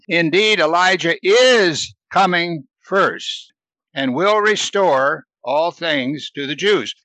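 A man teaching a Bible study in a conversational way, asking questions and answering them himself, reading verses slowly and then explaining them. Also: fairly high pitch, sharp tone, no room sound. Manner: reads scripture slowly, then explains it casually.

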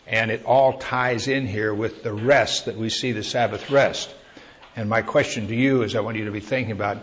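A man preaching a sermon in a conversational teaching style, asking his listeners questions and lifting his voice on key words. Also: mid-range voice. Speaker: pastor.

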